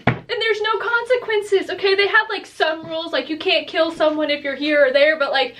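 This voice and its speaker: A woman's voice: very high-pitched, normal speed, noisy background. A woman co-hosting a casual book review chat, ranting in exasperation and mocking the characters she quotes. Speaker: book vlogger co-host.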